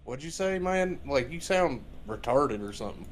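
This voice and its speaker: A man making a prank call, deadpan and baiting, feigning not to hear his target. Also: medium pitch, normal speed, a crowd in the background. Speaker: prank caller.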